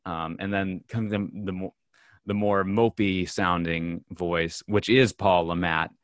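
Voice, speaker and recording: Low-voiced man chatting about films. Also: steady tone, dry recording. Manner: halting, many fillers and restarts. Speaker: podcast co-host. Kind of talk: casual film discussion.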